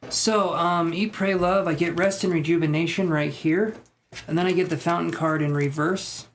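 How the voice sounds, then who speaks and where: A man giving a live-streamed tarot reading, reading chat messages aloud and thinking aloud in a relaxed, soft-spoken way. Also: fairly high pitch, normal speed. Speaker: tarot reader.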